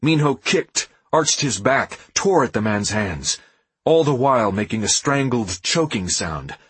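A man reads an audiobook in expressive, dramatic scripted narration. His voice is husky and fairly low, with lively swings in pitch. The sound is close and dry, with no room around it. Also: measured pace, dry recording.

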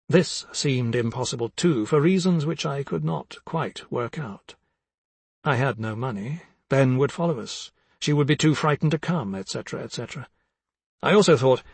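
A man narrating a literary audiobook in a measured, reflective way. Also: medium pitch, creaky, slightly rough, no echo.

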